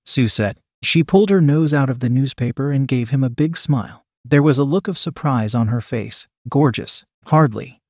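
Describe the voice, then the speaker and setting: A man reads a story aloud in a steady, even manner. His voice sits in the middle of the male range, and the dry, close recording has almost no room sound. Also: mid-range voice, a little fast, few pauses, dry recording. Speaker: narrator. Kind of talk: scripted story narration.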